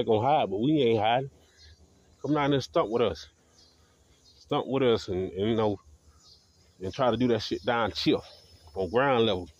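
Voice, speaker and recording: A man's voice: medium pitch, darkish tone, lo-fi sound. A man delivering a profane, defiant, repetitive rant to camera as a video blogger. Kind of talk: ranting monologue to camera.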